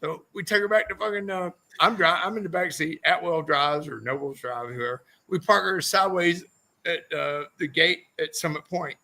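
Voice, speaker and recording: High scratchy-voiced guy rambling off cussing race stories, bright sharp tone. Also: moderate pace, vocal fry. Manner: profane, rambling anecdotes. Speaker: podcast guest, former motorcycle racer. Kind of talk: casual storytelling interview.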